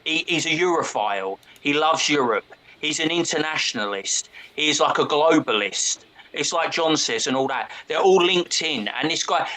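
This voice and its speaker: A man's voice: a little high, pushed and bright, rough recording. An English man, a guest on a casual podcast discussion, talking in a blunt, profane, ranting way. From England.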